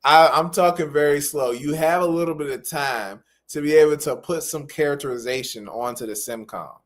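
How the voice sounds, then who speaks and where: Slightly high-voiced man coaching interpreters. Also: moderate pace. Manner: explanatory, encouraging, repeats key phrases. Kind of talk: live-stream feedback lesson.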